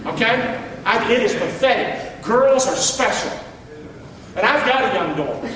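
A man's voice: very high-pitched, lively intonation, measured pace, fairly bright tone, a little hiss or hum. A middle-aged man preaching a sermon as pastor, emphatic and calling on the congregation to answer back. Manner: emphatic, calls for congregation responses. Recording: echoey church hall recorded from far off.

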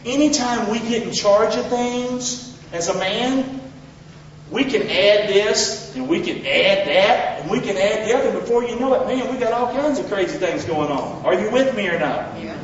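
Animated and high-pitched, this male pastor preaches at a moderate pace in a church sanctuary, with slight background noise. His fervent sermon uses call-and-response with the congregation, captured on a dull, distant mic in an echoey hall.

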